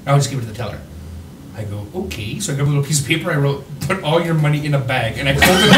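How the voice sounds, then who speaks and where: Profane storytelling man, high voice. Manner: profane, laughing anecdote teller. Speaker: podcast host. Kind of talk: casual podcast chat. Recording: roomy, distant mic, faint noise.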